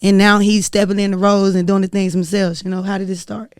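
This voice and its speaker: A man with a high, smooth, clear voice hosts a casual podcast, cheering his guest on with quick reactions. The recording is dry and close. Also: flat delivery, no echo. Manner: encouraging, quick back-channel reactions. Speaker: podcast host. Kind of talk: casual interview.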